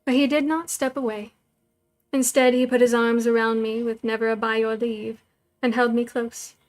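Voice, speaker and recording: A woman storyteller reading a novel aloud, in measured, even first-person narration. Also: a little high.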